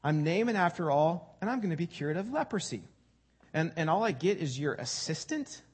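A proud, indignant army commander rants about his wounded dignity, as a preacher acts him out. The voice sits high and husky. He rambles from one grievance to the next. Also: big pitch swings, normal speed. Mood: self-important. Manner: huffy, rambling complaints.

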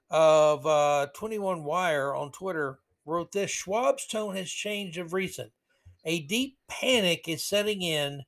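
A man hosting a solo commentary podcast, reading news quotes and adding sarcastic, rambling asides. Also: high voice. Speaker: podcast host.

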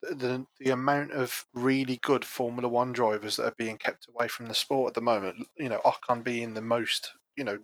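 A man's voice: mid-range voice, level tone, fairly quick, few pauses, fairly bright tone, dry recording. A man co-hosting a podcast, talking emphatically with stammering restarts. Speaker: podcast co-host. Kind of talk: casual chat.

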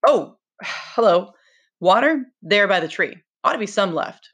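A woman's voice: medium pitch, expressive, unhurried, fairly bright tone, breathy edge. Casting note: exasperated boy chief, emphatic, read by a woman. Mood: frustrated. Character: earnest boy leader, frustrated.

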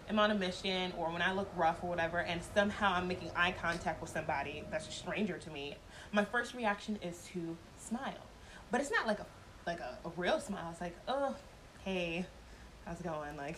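A woman's voice: medium pitch, a bit bright, slight background noise, low-quality recording. A woman telling a personal story in a casual vlog, blunt and profane, laughing often as she talks.

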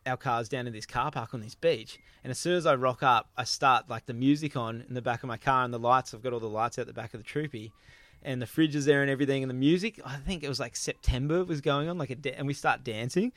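With a mid-range voice and a fast delivery, free of echo, a thirtysomething Australian man hosts a podcast. His casual story is full of laughter and lively impressions of what his friends said.

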